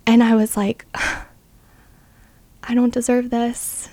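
A woman's voice: a little high, little pitch movement, moderate pace, mellow, dry recording. A young adult woman sharing a personal faith testimony as an interview guest, earnest and full of "like" fillers.

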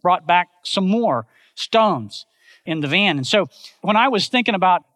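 A woman's voice: lowish voice, lively intonation, a little slow, a bit bright, no echo. A middle-aged woman pastor giving a sermon in an emphatic, repetitive preaching cadence.

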